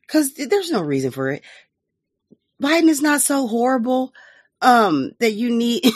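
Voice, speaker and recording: A woman's voice: medium pitch, no room sound, clean studio sound. A woman hosting a podcast, giving casual political commentary in a profane, laughing, mocking way. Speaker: podcast host.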